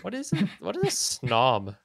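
A young man streaming a game, chatting casually in an excitable, rambling way and slipping into silly voices. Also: high voice, moderate pace, creaky. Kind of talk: casual gaming stream chat.

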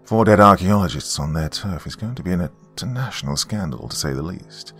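A man voicing a calm, posh British mission handler with a posh British accent, briefing in a measured way. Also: low-pitched, faint music behind.

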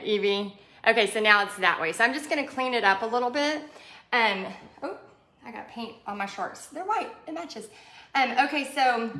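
A woman's voice: medium pitch, fairly bright tone. Chatty Texan woman teaching painting. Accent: Texas. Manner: chatty, rambling, with many fillers and asides to viewers. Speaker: painting instructor. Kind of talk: live-streamed craft tutorial with casual storytelling. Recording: echoey room.

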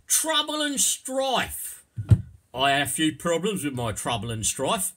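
A man's voice: a little high, wildly swooping pitch, measured pace, pushed and bright, pitched above the performer's own voice, exaggerated voice. A man putting on a Cockney accent to voice a cheeky, bantering working-class London man. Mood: jovial. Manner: jovial, bantering.

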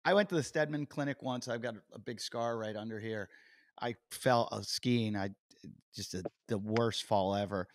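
A middle-aged man hosting a podcast, telling stories in a casual, animated way and acting out quotes. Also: on the low side, normal speed, no room sound, clean studio sound. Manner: animated storyteller, acts out quotes loudly. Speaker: podcast host. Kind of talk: casual interview chat.

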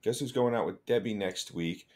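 A man's voice: fairly low pitch, normal speed, darkish tone, close to an everyday voice. A man voicing a rowdy male forest ranger with a put-on Southern accent, reading letters aloud in a drawl. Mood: joking.

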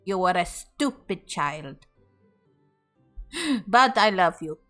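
A woman's voice: medium pitch, very animated, slow, fairly bright tone, soft background music. A woman voicing a hammy dad in a mock French accent. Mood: teasing. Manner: hammy, theatrical.

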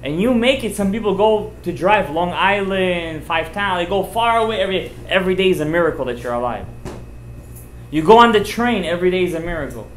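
A man, a rabbi giving an informal sermon, telling stories with emphatic, animated delivery and sprinkling in Hebrew and Yiddish terms. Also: sits high, a little fast, a little hiss or hum. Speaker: rabbi giving a Torah class. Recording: roomy echoey room.

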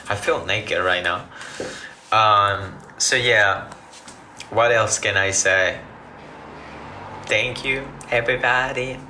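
A man's voice: mid-range voice, roomy sound, background noise. A man chatting casually with viewers on a livestream, rambling and restarting his phrases as he reacts to comments. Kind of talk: casual live chat with viewers.

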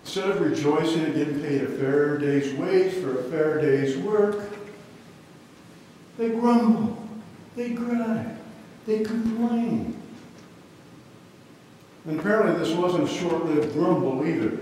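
Slow dramatic male preacher, echoey hall. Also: fairly high pitch, expressive, darkish tone, a little hiss or hum. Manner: dramatic storytelling. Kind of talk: sermon. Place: large church hall. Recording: echoey hall, mic far off.

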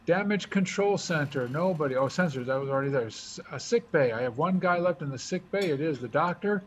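A man talking through his moves as he explains a board game, thinking out loud in a casual way. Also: on the high side, animated, brisk. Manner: chatty, thinks aloud while moving pieces. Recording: dull lo-fi recording with faint hiss.

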